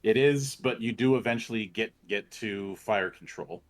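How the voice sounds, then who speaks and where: A man's voice: fairly low pitch, normal speed. A man running a tabletop role-playing game as game master, laconic and brief, asking players for rolls.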